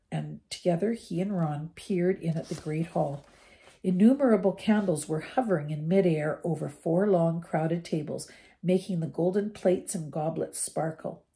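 An older woman reads a chapter book aloud for her grandchildren, her voice mellow and slightly low for a woman. She reads gently, now and then tripping on a word and starting it over. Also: gravelly. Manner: gentle reading with small slips and restarts. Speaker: storybook reader for her grandchildren. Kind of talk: reading a novel aloud.

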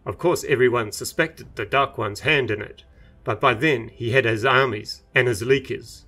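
A man's voice: medium pitch, normal speed, pushed and bright, soft background music. A man voicing an injured young male monk in a storybook reading, speaking formally and earnestly.

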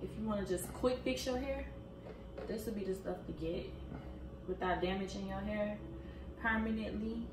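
A woman's voice: medium pitch, normal speed, pauses often, recorded from a distance. Young woman chatting and teasing on a vlog, echoey room, noisy behind. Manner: teasing, laughing, lively banter. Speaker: vlogger. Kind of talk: casual chat.

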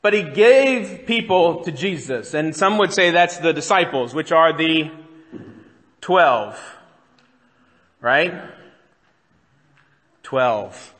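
A man's voice: fairly high pitch, lively intonation, slow pace, pauses often, fairly bright tone, big-room sound. A man preaching a sermon as pastor, in a conversational way that keeps putting questions to the congregation. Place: church sanctuary.

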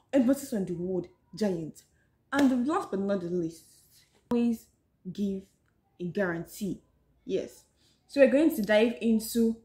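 A woman's voice: mid-range voice, warm tone, echoey room. A woman with a Nigerian accent chatting casually to her viewers in a book-summary vlog, often saying "so yes" and talking to them directly. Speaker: vlogger.

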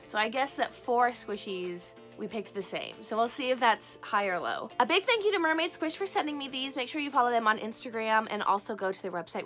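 A young woman hosting a casual unboxing vlog, gushing and excitable, gasping over each cute item. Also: a little high. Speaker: craft and squishy channel host.

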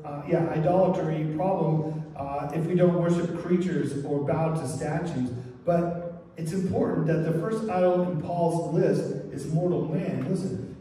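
A man's voice: sits high, warm tone, slight background noise. A man preaching a sermon as pastor, talking conversationally and often checking in with "right?". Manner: conversational, frequent "right?" asides. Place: church sanctuary. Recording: echoey church hall from far off.

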